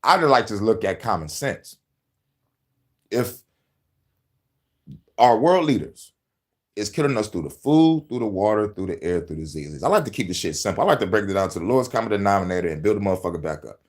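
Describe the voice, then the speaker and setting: A man hosting a podcast, delivering profane, animated conspiracy commentary and laughing often. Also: on the low side, fairly quick, long pauses. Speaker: podcast host.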